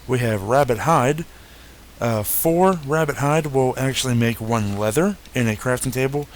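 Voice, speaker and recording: A man's voice: mid-range voice, moderate pace, a little hiss or hum. Easygoing young man narrating gameplay. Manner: easygoing, many fillers and self-corrections. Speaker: gaming YouTuber. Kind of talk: casual game update walkthrough.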